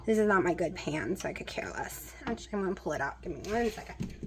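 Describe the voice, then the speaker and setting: A woman's voice: fairly low pitch, animated, fast talker, a little hiss or hum. A woman chatting casually as she cooks in her home kitchen, rambling with plenty of fillers. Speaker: vlogger. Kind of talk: casual kitchen vlog chat.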